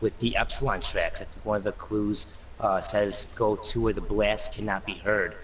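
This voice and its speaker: A man's voice: fairly low pitch, steady tone, moderate pace. A man guesting on a casual gaming discussion, thinking aloud with lots of fillers. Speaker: guest panelist. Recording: distant mic with faint noise.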